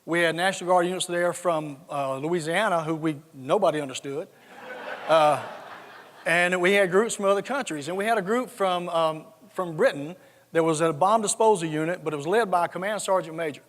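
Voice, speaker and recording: A folksy older man from South Georgia speaks with a Southern accent and a fairly high voice. He tells funny stories to an audience. A long reverb rings around him in a big conference hall. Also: brisk, fairly bright tone. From South Georgia, USA. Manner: folksy, humorous storyteller. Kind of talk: storytelling keynote with jokes.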